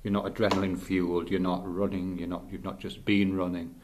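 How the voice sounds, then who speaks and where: Middle-aged guy, lowish voice, halting and thoughtful, restarts a lot as he muses. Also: little pitch movement, background noise. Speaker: teacher. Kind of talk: unscripted spoken reflection.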